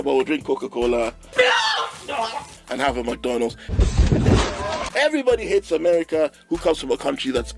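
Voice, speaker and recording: A man's voice: a little high, gravelly. A man ranting sarcastically in a comedic political commentary, pushing into mock outrage.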